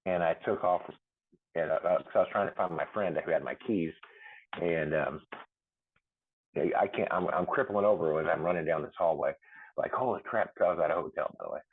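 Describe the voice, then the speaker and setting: A man's voice: deep voice, brisk. A middle-aged man, a podcast guest, telling his near-death story in a rambling way, with many fillers and restarts and laughs between lines. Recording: tinny phone-like line.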